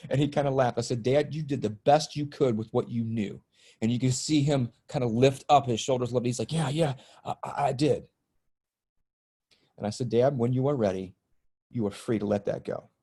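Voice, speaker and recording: Middle-aged man, spiritual healer guest, earnest emotional storyteller with a light joking streak, average pitch. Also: normal speed, dark tone, breathy edge. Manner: earnest and emotional, breaks tension with jokes. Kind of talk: personal storytelling in a podcast interview.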